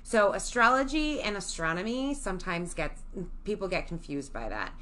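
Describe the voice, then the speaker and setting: A woman co-hosting a podcast in a casual, enthusiastic way, her voice bright and clear at a middling pitch. She explains things from her notes and keeps the talk light. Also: big pitch swings, normal speed. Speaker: podcast co-host.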